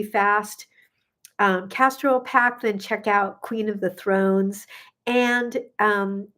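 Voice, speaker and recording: A middle-aged woman, a gut health coach, chatting casually on a live stream, bubbly and effusive with many ums, a little sniffly. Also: mid-range voice. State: sniffly from pollen.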